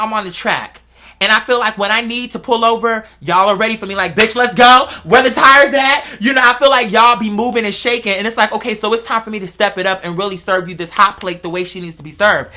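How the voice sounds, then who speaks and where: A young adult woman with a bright, forceful voice holds forth in a loose, rambling podcast monologue. She swears freely, keeps calling her listeners "girl", and doubles back mid-sentence. Her pitch sits in an ordinary middle range for a woman. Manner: profane, animated, rambling, addresses listeners as "girl". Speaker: podcast host. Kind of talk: casual monologue.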